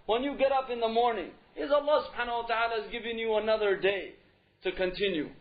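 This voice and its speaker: A man's voice: very high-pitched, quick pace. A man giving a religious lecture in an emphatic style, repeating key phrases and asking rhetorical questions. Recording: dull lo-fi recording.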